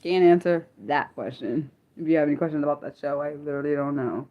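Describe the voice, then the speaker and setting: A young woman from the United States hosting a casual livestream, chatting with viewers in an excitable, disbelieving way with many stumbling restarts. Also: low-pitched, fast talker, lo-fi sound. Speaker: livestream host. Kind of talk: casual livestream chat reading viewer comments.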